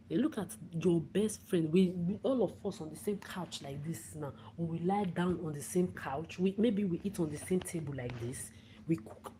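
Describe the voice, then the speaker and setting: Low-voiced woman ranting angrily. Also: expressive, normal speed, warm tone, slight background noise, rough recording. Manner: profane, repetitive, confrontational. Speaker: livestreamer. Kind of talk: angry livestream rant.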